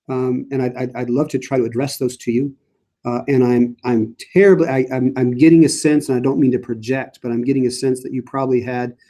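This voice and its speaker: A man's voice: mid-range voice, dark tone. A middle-aged man, a priest, leading a casual Bible study and answering viewer questions with frequent fillers and restarts. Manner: conversational, many fillers and restarts.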